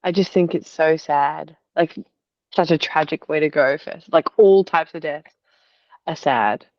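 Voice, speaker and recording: A woman's voice: sits low, unhurried, dry recording. A young woman from Australia telling a personal story in a casual, rambling way, full of fillers, on a video call. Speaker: artist sharing in a group call. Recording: dull, lo-fi video call audio.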